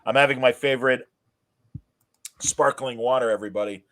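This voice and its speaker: A man hosting a podcast in casual chat, telling stories with lively cheering asides. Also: mid-range voice, a little fast. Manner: animated storyteller, mimics cheering crowds. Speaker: podcast host.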